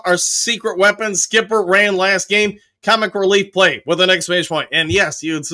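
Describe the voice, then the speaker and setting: A man's voice: high-pitched, bright, forceful tone. A man hosting a live stream, reading viewer comments aloud and answering each briefly in a casual way. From United States. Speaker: host reading live chat.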